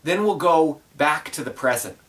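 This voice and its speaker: A man's voice: fairly high pitch, animated, normal speed, fairly bright tone, recorded from a distance. A man preaching in vivid, cinematic storytelling. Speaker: pastor. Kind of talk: sermon retelling scripture as a film scene.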